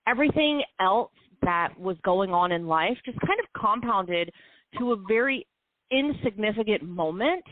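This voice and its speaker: A talk show co-host with a medium-pitched female voice shares a personal story candidly and with real feeling. Her heartfelt telling moves between quick bursts and slow stretches, and the recording is dry with no echo and a tinny phone-line quality.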